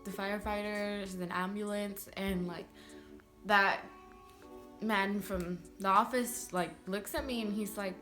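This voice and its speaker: A woman's voice: mid-range voice, fairly even intonation, measured pace, a bit bright, faint music behind. A young woman vlogger telling a personal story in a rambling way, full of "like" fillers. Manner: rambling, heavy use of "like" fillers.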